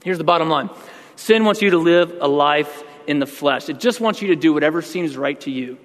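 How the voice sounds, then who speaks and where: A man's voice: a little high, a little fast, in a large hall. A man pastor giving a sermon, talking conversationally and then building to emphatic outbursts.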